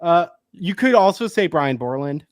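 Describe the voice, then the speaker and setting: A man's voice: a little high, animated, normal speed, no room sound, studio quality. A man co-hosting a casual sports podcast, rambling through bits and breaking into giggles as he talks. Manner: giggly, rambling, breaks into laughter while reading. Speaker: podcast co-host.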